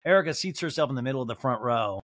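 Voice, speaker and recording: A man's voice: mid-range voice, animated, racing, fairly bright tone, dry recording, studio quality. A man hosting a podcast, giving a rambling, comedic recap of a reality show with lots of fillers like "like". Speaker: podcast host.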